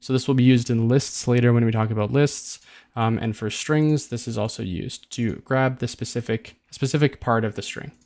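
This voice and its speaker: A man at a medium pitch gives a casual coding tutorial. He talks it through as he goes, loose and chatty, often doubling back on a phrase or pausing on an "uh" while he works out the next step. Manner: relaxed and chatty, restarts phrases, thinks aloud with ums.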